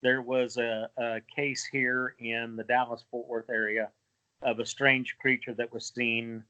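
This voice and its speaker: Casting: relaxed man from Texas, radio guest, bright tone, brief replies. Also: medium pitch, measured pace, muffled recording. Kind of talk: casual interview.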